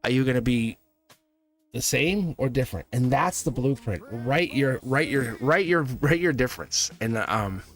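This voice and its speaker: A man's voice: mid-range voice, animated, moderate pace, fairly bright tone. A man hosting a casual tarot reading livestream from his studio, talking in a rambling, chatty way and laughing often. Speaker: tarot reader and host.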